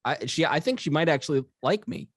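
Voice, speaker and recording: A man co-hosting a podcast, telling stories in a lively, casual way and acting out the quotes. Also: fairly high pitch, brisk, dry recording. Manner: animated storytelling with acted quotes. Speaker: podcast co-host. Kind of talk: casual chat.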